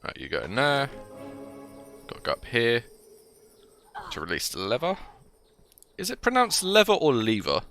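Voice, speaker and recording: A man's voice: mid-range voice, huge pitch swings, moderate pace, creaky, long pauses, sharp tone, soft background music. A young man with a cold, rambling casually as he plays a video game and talks to the game as he goes. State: slightly ill, coughing. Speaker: gaming channel host. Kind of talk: casual let's-play commentary.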